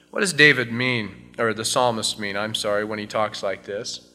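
A man's voice: on the low side, moderate pace, bright, forceful tone, long reverb tail. A man preaching an evening sermon as pastor, talking conversationally and swelling into fervent scripture reading.

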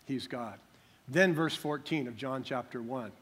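An older man preaching a sermon as pastor, emphatic, slowing down to stress key words. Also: medium pitch, fairly bright tone, husky.

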